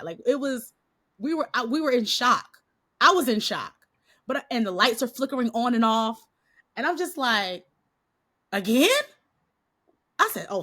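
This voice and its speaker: A woman guest on a podcast, a Christian coach, animatedly telling a story with frequent laughs and a slightly nasal voice from a cold. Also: high-pitched. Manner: animated, laughing often, acts out quotes. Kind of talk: casual storytelling interview.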